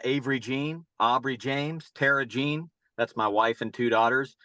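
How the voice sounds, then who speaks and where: A man's voice: medium pitch, sharp tone, no room sound. A middle-aged man from North Carolina, a youth baseball coach, answering interview questions in long, rambling stories and often repeating his words. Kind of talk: casual interview storytelling.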